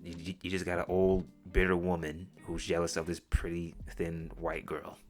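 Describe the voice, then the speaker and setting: A man's voice: low voice, little pitch movement, normal speed. A man hosting reaction commentary, blunt, crude and mocking. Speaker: commentary host. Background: faint background music.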